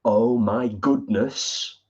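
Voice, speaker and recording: A man's voice: mid-range voice, steady tone, very slow, a little mellow. A man co-hosting a live stream, chatting casually and reading out viewer comments. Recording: dull lo-fi stream audio.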